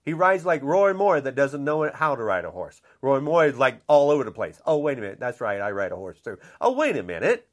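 A man's voice: mid-range voice, sing-song, fairly quick, few pauses. An older man delivering an angry, blunt rant, repeating himself and saying how upset he is. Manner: indignant, repetitive, blunt.

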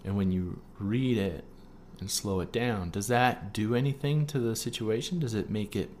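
A man with a somewhat low voice hosts a solo coaching podcast, walking listeners through a writing exercise. He checks in often with "okay?" and mixes earnest teaching with playful asides. A faint background hiss sits under the recording. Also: moderate pace, darkish tone. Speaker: podcast host.

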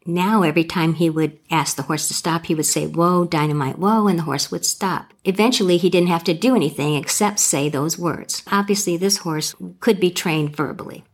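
A woman's voice: fairly low pitch, normal speed, hardly any pauses, husky. A middle-aged woman who trains horses, co-hosting a podcast in a folksy, storytelling way. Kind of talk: storytelling and casual podcast chat.

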